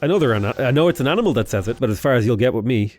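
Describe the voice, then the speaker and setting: A man's voice: mid-range voice, lively intonation, racing, darkish tone, slight background noise. A young man chatting casually while playing a strategy game, rambling into jokey asides. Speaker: gaming YouTuber. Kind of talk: casual gameplay commentary.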